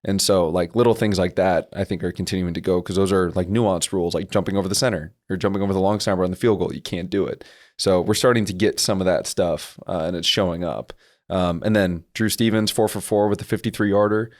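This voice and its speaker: A man's voice: deep voice, steady tone, fast talker, darkish tone. A young man co-hosting a casual sports podcast, patiently explaining football plays and rules. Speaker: podcast co-host.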